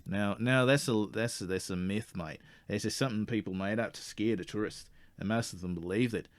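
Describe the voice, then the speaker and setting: A man's voice: fairly low pitch, brisk, no room sound, close to an everyday voice. A man playing a blunt, slangy male Australian outback guide in a comedy sketch, with an Australian accent, stammering when he gets worked up. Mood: matter-of-fact. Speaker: tour guide.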